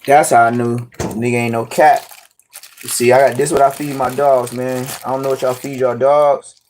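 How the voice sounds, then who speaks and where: A man's voice: mid-range voice, little pitch movement, moderate pace, a little mellow, slight background noise. A man chatting casually on a phone live stream at home, rambling and full of slang and swearing. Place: at home with his dogs.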